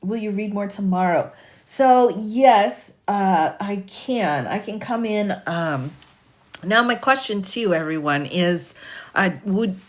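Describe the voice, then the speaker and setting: A woman's voice: medium pitch, takes it slowly. Lawyer woman reading a filing live. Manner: reads formal text steadily, then chats warmly with viewers. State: voice cracking a little. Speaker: attorney streaming a live case reading. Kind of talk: reading a legal filing and chatting with viewers. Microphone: phone or desk mic for a live stream.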